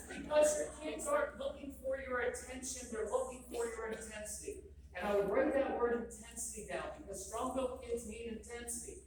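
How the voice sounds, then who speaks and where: A man's voice: very high voice, normal speed, crowd noise. A man in his fifties giving a live seminar talk, blunt and joking, often quizzing the audience. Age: 50s. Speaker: convention speaker. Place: large echoey hall. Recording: echoey hall from far off, noisy.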